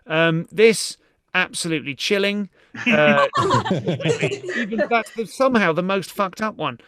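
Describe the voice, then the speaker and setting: A man's voice: sits high, unhurried, a loud crowd. A middle-aged man with a British accent hosting a live-streamed comedy podcast, chatty and giggly, often swearing as he greets viewers. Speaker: podcast host.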